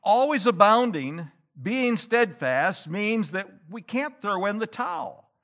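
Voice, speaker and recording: Animated preaching man, lively pitch. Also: slow. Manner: animated preaching, rising to loud emphatic peaks. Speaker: pastor. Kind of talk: sermon. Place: church.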